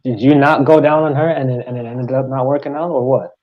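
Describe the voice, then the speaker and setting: A man's voice: medium pitch, steady tone, fairly quick. Hesitant man on a muffled call. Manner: hesitant, rambling with fillers. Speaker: guest caller. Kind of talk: casual chat.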